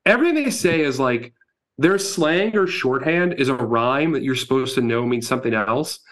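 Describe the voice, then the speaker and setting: Male co-host, casual sports chat, animated and profane, mid-pitched voice. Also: normal speed. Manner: animated storytelling, swears freely. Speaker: podcast co-host. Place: New York.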